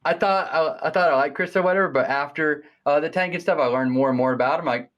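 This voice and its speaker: An upbeat, joking man joins a podcast chat over a video call. His voice sits fairly high, and he laughs easily. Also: quick pace, a bit bright. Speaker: streamer dropping in as a guest.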